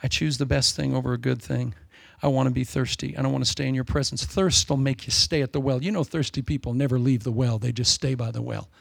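An older man preaching a sermon in a folksy, humorous way, swinging between loud emphasis and soft asides. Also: mid-range voice, steady tone, quick pace, creaky, few pauses, no room sound, studio quality.

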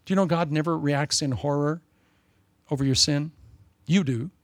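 An older man delivers a folksy, humorous sermon, swinging between loud emphasis and soft asides. His voice is a little high and moves at normal speed, with no room sound.

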